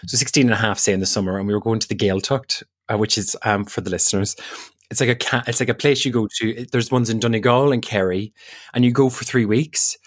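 An Irish man, a podcast co-host, telling an animated personal story, acting out what others said and laughing as he goes. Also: lowish voice, fast talker. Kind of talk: casual chat, personal storytelling.

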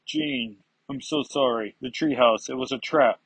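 A man's voice: mid-range voice, moderate pace, breathy edge, dry recording, poor audio. A man voicing a wounded young hero who cries out in anguish. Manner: pleading, anguished.

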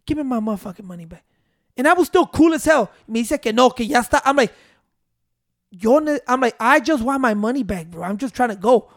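Man, high voice, rambling profane storyteller, dry recording. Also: lively intonation, a little fast, dry recording. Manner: rambling, profane, mixing in Spanish, keeps saying "wait". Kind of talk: casual storytelling among friends.

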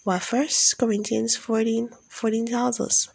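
Husky, gravelly-voiced woman minister praying. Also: on the high side, little pitch movement, unhurried. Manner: fervent, solemn prayer cadence with repeated declarations. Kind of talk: spoken prayer and devotional message.

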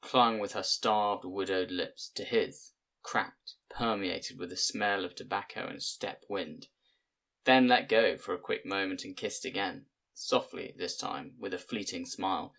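Low-voiced male audiobook narrator. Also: creaky, a bit bright. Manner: measured, plain storytelling.

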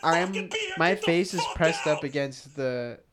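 A young man co-hosting a podcast, telling stories in a rambling, animated way with lots of fillers. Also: fairly high pitch, slow, over a noisy crowd. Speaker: podcast co-host. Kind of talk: casual chat.

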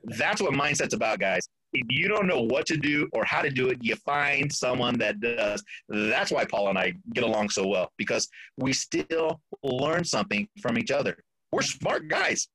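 A man with a husky, slightly breathy voice tells a story as a podcast guest. He is animated, jumps up in pitch to act out other people's lines, and laughs often. The sound is dry and close, with almost no room in it. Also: normal speed, hardly any pauses, no room sound, rough recording. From Florida.

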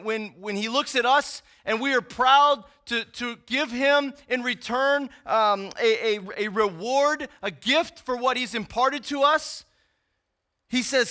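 A man's voice: very high-pitched, sharp tone. A man preaching a sermon in a conversational, emphatic teaching style, often checking in with tag questions. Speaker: pastor.

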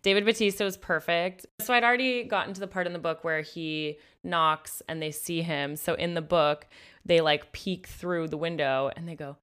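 A woman's voice: on the low side, fairly even intonation, fairly quick, a bit bright, clear, resonant tone. A woman co-hosting a podcast, chatting animatedly about a book and its film, full of "like" fillers. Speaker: podcast co-host. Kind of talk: casual book-and-film discussion.

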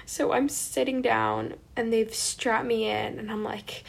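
Female vlogger, dramatic self-mocking storyteller, slightly high voice with vocal fry. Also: very animated, measured pace, hardly any pauses. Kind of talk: personal storytelling.

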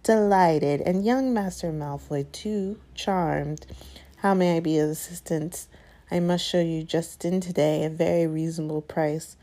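A woman's voice: deep voice, a little slow, dark tone. A woman doing oily shopkeeper Mr. Borgin. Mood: fawning. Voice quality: oily, ingratiating. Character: oily, fawning male shopkeeper, middle-aged.

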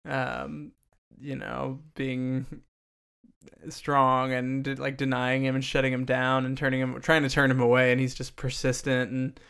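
A man's voice: medium pitch, completely flat delivery, unhurried, creaky, a bit bright, clear, resonant tone. A man co-hosting a podcast, rambling through a film's plot in casual chat with lots of fillers. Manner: rambling, many fillers and laughs. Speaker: podcast co-host. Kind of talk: casual chat about a film.

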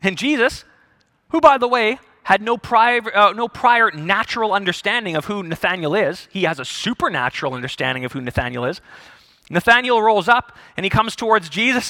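A male pastor preaching a sermon, telling the story in an animated way with jokes and acted-out voices. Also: sits high, a little fast, no echo, clean studio sound.

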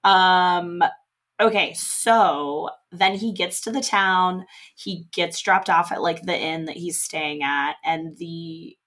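A young woman with a slightly low voice, chatting casually as she recaps a movie plot. She laughs often and drops quick quoted lines from the characters as she goes. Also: fairly bright tone. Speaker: podcast co-host.

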